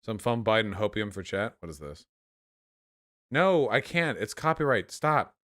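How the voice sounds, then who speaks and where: A man's voice: lowish voice, animated, normal speed, fairly bright tone. A man casually reacting to clips on a stream, offhand and sarcastic, full of "dude" and "like.". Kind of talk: casual commentary.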